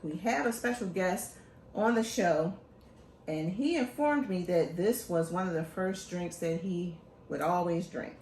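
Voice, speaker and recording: A woman from Philadelphia hosting a casual show, talking in an animated, joking, chatty way. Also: lowish voice, unhurried, roomy sound, slight background noise. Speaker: host. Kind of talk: casual chat.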